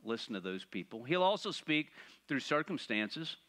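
A man preaching a sermon, animated and playful, asking the congregation rhetorical questions. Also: mid-range voice, moderate pace. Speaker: pastor.

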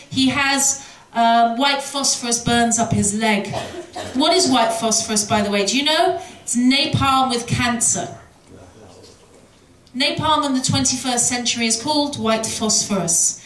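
A middle-aged British woman speaks earnestly and emotionally to a gathered audience. Her voice sits a little high and comes from some distance off the mic, ringing through a large echoing hall. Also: fairly bright tone. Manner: emotional, earnest, vivid storytelling. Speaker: guest speaker. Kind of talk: storytelling talk and closing prayer. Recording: echoey hall, voice from afar.

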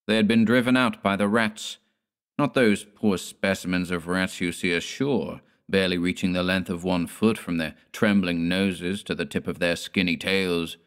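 A man reading a horror story aloud in measured, dramatic storytelling. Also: sits low, clean tone. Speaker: narrator. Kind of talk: scripted horror audiobook narration.

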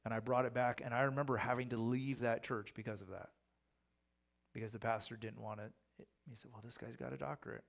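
A male pastor gives a relaxed, conversational sermon with a gravelly, creaky edge to his voice. His pitch sits in a middle range, and he slips into quick voices for the people in his stories. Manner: conversational, acts out quoted voices. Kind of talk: sermon Bible teaching.

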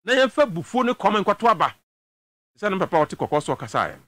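A man's voice: sits high, very animated, quick pace, pushed and bright, dry recording. A man with a Ghanaian accent giving emphatic political commentary on a talk show, switching between a local language and English.

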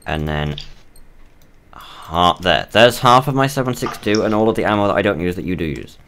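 A man's voice: deep voice, expressive, moderate pace, fairly bright tone, slight background noise. A man streaming a co-op game, chatting casually and joking with his teammate while he plays. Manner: chatty, jokey, mock British and Australian voices. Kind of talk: casual co-op gaming chat.

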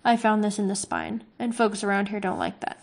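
A woman's voice: medium pitch, huge pitch swings, fairly quick, vocal fry, exaggerated voice. A curious young farm boy, voiced by a woman reading aloud, asks things eagerly. His lines are read as storybook dialogue with little change from the reader's voice.

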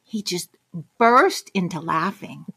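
A woman's voice: fairly low pitch, lively intonation, takes it slowly, fairly bright tone, husky. A middle-aged woman telling a personal anecdote as a guest, acting out the quoted lines expressively. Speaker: guest storyteller.

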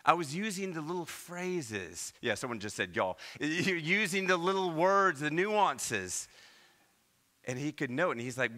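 A man from Iowa preaching a sermon as pastor, with animated delivery and many rhetorical questions. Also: fairly high pitch, unhurried. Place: church.

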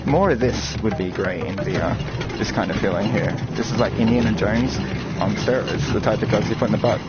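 A man from Australia, rambling through jokey live commentary while playing a VR game, breaking into loud yelps. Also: lowish voice, brisk, hardly any pauses. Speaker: VR game streamer. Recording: dull lo-fi audio with loud game music.

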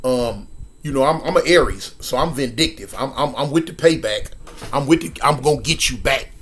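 A man in his sixties from Los Angeles telling a story casually, animated, with sound effects and lots of repetition. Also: medium pitch, normal speed, a little hiss or hum. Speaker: storyteller guest.

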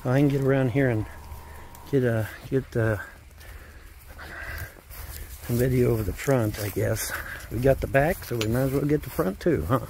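A man's voice: mid-range voice, moderate pace, pauses often, darkish tone, a little hiss or hum. A man rambling casually while filming himself outdoors by a mobile home. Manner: rambling, talks baby talk to dogs. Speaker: vlogger filmed by commentator. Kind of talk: casual self-filmed vlog.

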